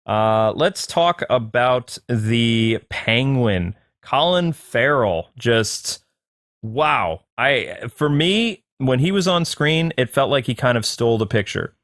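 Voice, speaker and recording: Male film reviewer, middle pitch, dry close sound, loose chatty delivery with lots of ums. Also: slow, dry recording. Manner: rambling, many fillers, excited pitch jumps. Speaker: movie reviewer. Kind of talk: casual spoken review.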